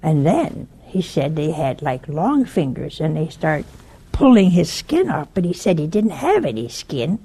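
Slow, husky-voiced earnest woman storyteller. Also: low-pitched, sing-song, dark tone. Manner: earnest, urgent, tells a story in plain words. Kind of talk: earnest spoken warning and storytelling.

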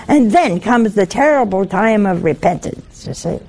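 Gravelly-voiced woman preaching with folksy humor. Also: mid-range voice, lively intonation, moderate pace, hardly any pauses, darkish tone. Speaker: religious speaker. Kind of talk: conversational sermon with anecdotes.

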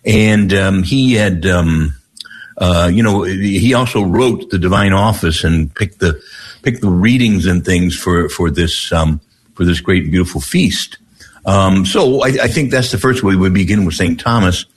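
A middle-aged priest with a very low, husky voice, guesting on a radio talk show. He talks haltingly, restarting his sentences and often clearing his throat. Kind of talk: prayer and conversational explanation.

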